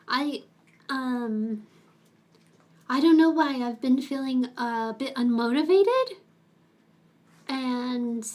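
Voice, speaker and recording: Young woman streamer with a high pitch and a slow, rambling, chatty delivery. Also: darkish tone. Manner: rambling and chatty, with frequent laughs; switches to a high, cooing voice to talk to her pets. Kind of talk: casual chat with viewers.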